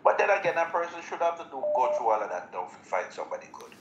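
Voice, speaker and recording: A Jamaican man hosting a live show, talking in relaxed patois and laughing often. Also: mid-range voice, racing, highs cut off. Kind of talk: casual chat. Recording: roomy echo, faint background noise.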